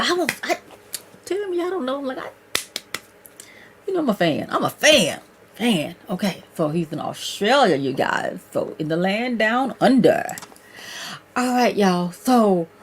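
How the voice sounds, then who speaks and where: A woman hosting her own livestream, chatting casually with viewers and calling them "y'all" and "child". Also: on the low side. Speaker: livestream host.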